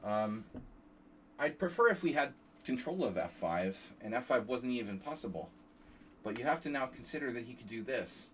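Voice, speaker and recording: A man's voice: medium pitch, lively intonation, normal speed, a bit bright, recorded from a distance, a little hiss or hum. A man coaching chess on a live stream, talking casually, wandering into side stories and swearing offhand. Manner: rambling, digressive, swears casually.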